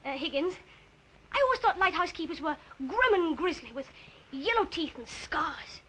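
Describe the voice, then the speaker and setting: A spirited young woman, very high bright voice, lively, coaxing. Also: moderate pace, a little hiss or hum, exaggerated voice, poor audio.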